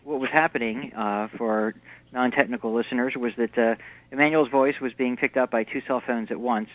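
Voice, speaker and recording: A man calling in to a radio show as a guest, calmly explaining a technical problem in plain terms. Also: mid-range voice, normal speed, no echo, muffled recording. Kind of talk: casual explanation.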